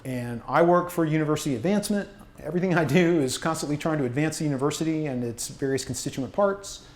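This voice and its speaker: A man's voice: on the high side, fast. A man leading a workshop on writing, chatty and self-deprecating, often restarting his sentences. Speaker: university communications workshop presenter. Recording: echoey room.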